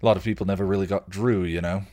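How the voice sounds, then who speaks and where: Guy playing a smirky vampire, low and dry, teasing everyone. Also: steady tone, rapid-fire, warm tone, close to an everyday voice. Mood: wry. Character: sardonic male vampire, wry and teasing.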